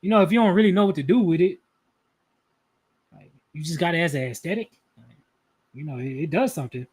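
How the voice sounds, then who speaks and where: A man in his thirties doing live energy readings on a stream, talking in a rambling, profane, casual way and counting his math out loud. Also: a little high, lively intonation, a little fast, husky.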